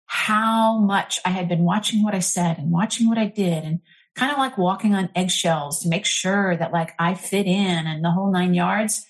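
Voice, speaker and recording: A middle-aged woman, an interfaith minister, telling a candid personal story in an earnest, animated way, full of fillers. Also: lowish voice, moderate pace.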